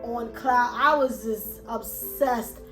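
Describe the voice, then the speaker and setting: A woman, telling her story to camera in an animated way and acting out her old thoughts with swearing. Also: fairly high pitch, takes it slowly. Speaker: vlogger and self-published author. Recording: echoey room with music playing behind.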